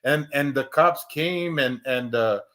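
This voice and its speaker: A man in his thirties, co-hosting a podcast, works through a long personal story in a casual chat, stumbling into restarts and repeated words and swearing here and there. At a measured pace, his medium-pitched, fairly bright voice rises whenever he acts out quoted lines.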